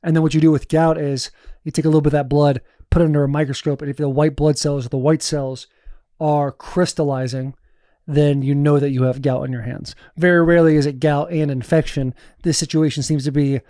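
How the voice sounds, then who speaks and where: A man in his thirties, a former football player co-hosting a podcast, telling a story in animated, profane casual chat from a studio. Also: fairly high pitch, a little fast, no echo.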